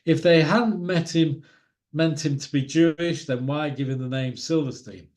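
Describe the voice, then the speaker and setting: A man's voice: a little high, normal speed, a little mellow. A man giving an illustrated talk with slides, in an opinionated, wry way. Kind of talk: lecture with slides.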